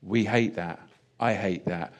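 A man's voice: deep voice, a little slow. A man preaching a sermon in a chatty, self-deprecating way with jokey asides. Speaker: pastor.

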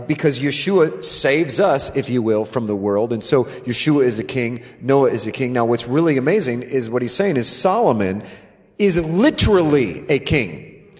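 A man's voice: medium pitch, animated, moderate pace. A man co-hosting a scripture discussion, explaining emphatically and restarting his phrases. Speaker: co-host. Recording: long hall reverb.

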